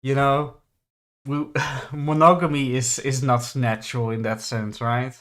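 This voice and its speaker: A man chatting casually on a stream, halting and restarting often, searching for words. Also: mid-range voice, flat delivery, fairly bright tone. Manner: halting, many restarts and fillers. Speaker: podcast co-host.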